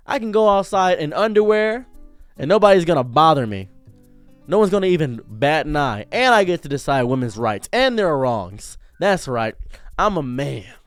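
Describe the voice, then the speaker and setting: A man streamer delivering a sarcastic comedic rant in a mock-macho manner, swinging between booming lines and muttered asides. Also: no echo. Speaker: streamer and commentator.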